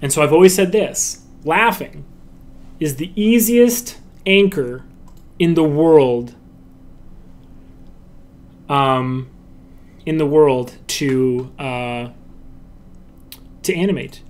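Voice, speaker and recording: Slow-talking man giving an animation lecture. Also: a little high. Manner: demonstrates lines and laughs aloud, with restarts. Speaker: animation instructor. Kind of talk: recorded lecture.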